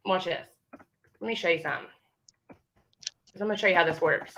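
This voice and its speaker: Woman, bright edgy tone, heated livestream, brash and threatening. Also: fairly low pitch, fairly quick, long pauses, dull audio. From Indiana, United States. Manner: brash, threatening, sassy trash talk. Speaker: livestream caller.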